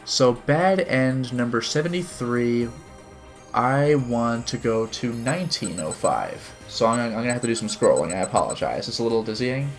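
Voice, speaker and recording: A man's voice: medium pitch, animated, normal speed, faint music behind. A man playing a visual novel on stream, chatting casually and reading its narration and dialogue aloud with light character voices. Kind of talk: casual game commentary with read-aloud narration.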